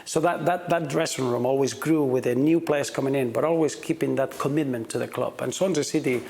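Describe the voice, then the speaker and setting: A man's voice: mid-range voice, fairly quick, creaky, darkish tone, slight background noise. A middle-aged man, a football manager, giving reflective interview answers and often repeating words as he starts his sentences.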